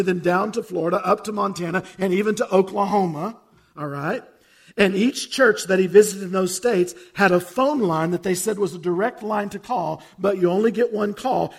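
A man preaching to his congregation, weaving folksy jokes and stories into the message. His voice sits high for a man, with a gravelly edge and a husky, slightly rough tone. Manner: storytelling, conversational, with folksy jokes. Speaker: pastor. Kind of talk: sermon.

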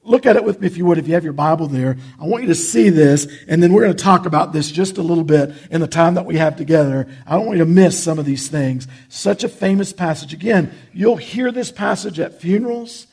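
A man's voice: a little high, brisk, vocal fry, few pauses, a little mellow, slightly rough. A man preaching a sermon as a pastor, earnest and conversational, with frequent restarts. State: choked up with emotion.

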